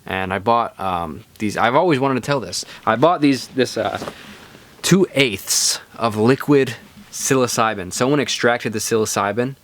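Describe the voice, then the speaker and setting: A young man hosting a podcast speaks in a mid-range voice at a measured pace. His casual stories wander in a laid-back way, peppered with fillers.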